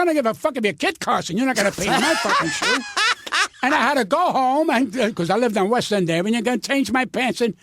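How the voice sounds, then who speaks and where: Gravelly older man telling blunt stories. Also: high voice, a bit bright, no echo, studio quality. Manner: blunt, profane, heated storyteller. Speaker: guest comedian. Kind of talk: storytelling interview.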